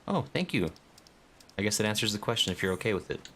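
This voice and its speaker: A man's voice: lowish voice, sing-song, fast, bright, forceful tone, slight background noise. A man streaming a game, chatting casually and reading chat messages aloud. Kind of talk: casual live-stream commentary.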